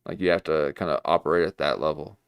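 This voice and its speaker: Low-voiced man rambling on a livestream. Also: steady tone, fast, creaky, smooth, no echo. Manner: rambling, self-mocking, jumps into mock voices. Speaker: livestream host. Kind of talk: casual livestream commentary.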